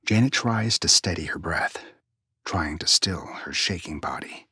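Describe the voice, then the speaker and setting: A man narrating a suspense story in a hushed, tense manner, often dropping near a whisper. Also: deep voice, expressive, unhurried, breathy edge, dry recording.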